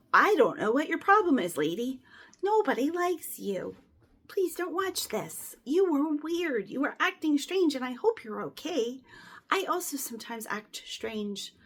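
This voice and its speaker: A woman chatting casually and rambling as she sorts and resells clothing, sometimes dropping to whispered asides. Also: high voice. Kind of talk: casual chat while sorting clothes.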